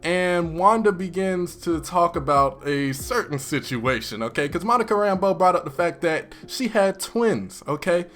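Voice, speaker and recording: A man casually recapping a TV episode in an excitable, chatty way with lots of fillers. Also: high-pitched, normal speed, few pauses.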